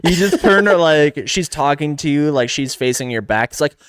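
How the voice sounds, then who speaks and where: A man's voice: on the high side, lively intonation, normal speed, fairly bright tone, clear, resonant tone, dry recording. A young man co-hosting a casual chat, riffing eagerly on ideas about a game. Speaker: podcast co-host.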